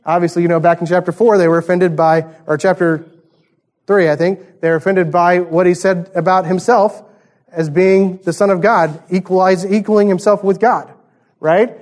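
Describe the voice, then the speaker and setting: A man's voice: high-pitched, fairly even intonation, moderate pace, darkish tone. A man preaching a conversational sermon, teaching through a passage and asking the congregation rhetorical questions. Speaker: pastor.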